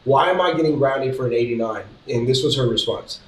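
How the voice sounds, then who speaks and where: A man's voice: medium pitch, a little fast. A man talking casually as a parent in a group discussion, telling stories in a chatty way. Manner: storytelling, chatty, frequent "you know what I mean". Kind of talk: casual chat. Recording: echoey room, mic at a distance.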